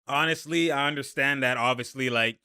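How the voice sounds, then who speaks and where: Bright, crisp-voiced man breaking down plays. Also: medium pitch, a little fast, no echo, clean studio sound. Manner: animated, quotes players in put-on voices. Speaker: sports commentator. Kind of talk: casual game breakdown.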